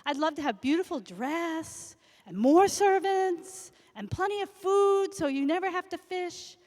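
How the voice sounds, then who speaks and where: A woman's voice: extremely high pitch, expressive, measured pace, darkish tone, studio quality, pitched above the performer's own voice. A woman voicing a greedy, never-satisfied wife with an eager, demanding manner while reading a storybook aloud. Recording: echoey hall.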